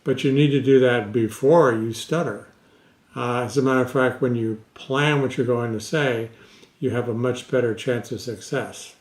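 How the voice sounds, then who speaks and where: A man who is a stuttering specialist, giving casual advice to camera in an unhurried way with many pauses and fillers. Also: mid-range voice, steady tone, reverberant.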